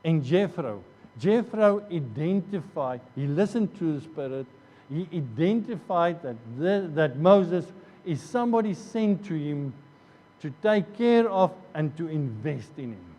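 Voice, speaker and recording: Male pastor, sermon, earnest and repetitive, slightly high voice, dark mellow tone, long hall reverb. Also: big pitch swings, unhurried. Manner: earnest, repeats phrases and restarts often. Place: church hall.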